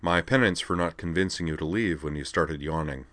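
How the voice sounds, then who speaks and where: A man reading aloud and voicing a calm, gentlemanly young man who speaks dryly and quietly. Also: sits low, a little fast, no room sound. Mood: deadpan. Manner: dry, deadpan, quiet.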